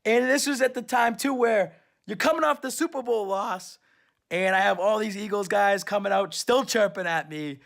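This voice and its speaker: A man's voice: high voice, normal speed, vocal fry, fairly bright tone. A superfan man recapping his trip in a casual, rambling story. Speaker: superfan vlogger.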